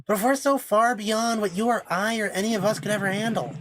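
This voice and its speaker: A woman's voice: medium pitch, brisk, slight background noise, lightly acted, rough recording. A woman voicing an insecure young woman healer who wants to be a paladin, speaking in an upset, defensive way.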